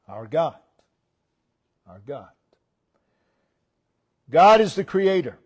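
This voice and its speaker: A man preaching a sermon in a church, repeating key phrases with emphasis and letting his line endings fall low and soft.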